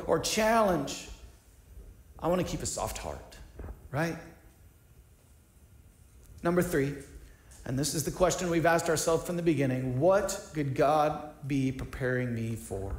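A pastor preaches a sermon earnestly and conversationally in a high-pitched voice that echoes with reverb. He asks rhetorical questions and often restarts his sentences.

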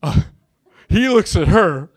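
A pastor, preaching a sermon and telling stories with bursts of loud excitement. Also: male voice, high voice, slow, husky, dry recording.

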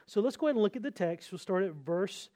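A man's voice: high-pitched, lively intonation, fast, dark tone. Earnest man preaching an expository sermon. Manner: earnest, emphatic preaching with repeated phrases. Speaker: pastor.

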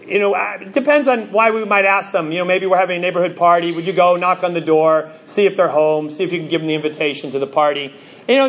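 A male pastor preaching a sermon in a conversational, story-driven way, with lots of "you know" and sudden loud bursts for emphasis. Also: high-pitched.

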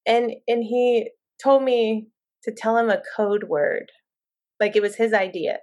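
A woman in her thirties, a mother and podcast guest, telling lively stories in casual conversation and acting out her own quotes with laughter. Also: on the high side, measured pace.

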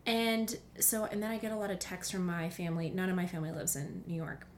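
A woman's voice: fairly low pitch, flat delivery, fast, hardly any pauses, a little hiss or hum. A young woman hosting a casual podcast monologue from home, chatty, dropping into whispers for asides. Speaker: podcast host.

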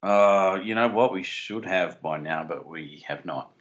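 A man's voice: deep voice, unhurried, dull audio. A man co-hosting a podcast, chatting casually and rambling a little. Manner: rambling, giggly, self-deprecating. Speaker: podcast co-host. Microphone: desk mic on a stand.

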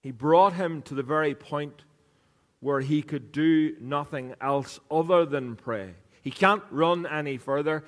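A man's voice: fairly high pitch, a little slow. A man preaching a sermon on a microphone, conversational and joking, teasing people in the congregation as he talks. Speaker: pastor. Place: church hall. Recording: reverberant hall sound.

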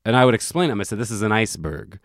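A man's voice: fairly low pitch, animated, racing, no room sound, studio quality. A man chatting casually as a podcast co-host, rambling and profane, with lots of restarts as he tells a story. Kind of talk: casual chat.

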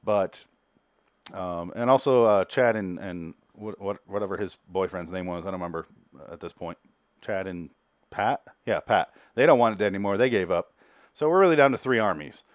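A man's voice: low-pitched, no echo. A man hosting a casual podcast, recapping a TV episode in a rambling, sarcastic way, with lots of swearing. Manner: rambling, sarcastic, acts out characters' lines in quick asides. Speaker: podcast host reviewing a TV show.

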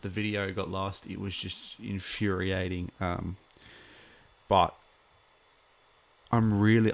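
A man chatting casually as a live streamer, rambling with many fillers. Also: on the low side.

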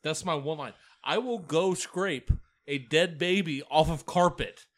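A man's voice: on the high side, measured pace. A man co-hosting a casual chat, joking crudely. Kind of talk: casual banter.

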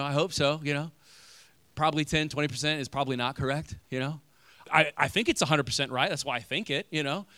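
A young male pastor giving a casual, animated sermon full of "you know" and "like", growing loud in stories and going quiet and slow in prayer. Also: on the high side, clean tone, dry recording. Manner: animated storytelling, rising loud when acting out arguments; drops soft and slow in prayer.

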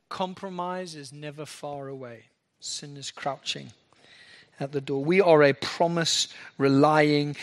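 A man preaching a sermon, swinging between loud emphasis and soft, low asides.

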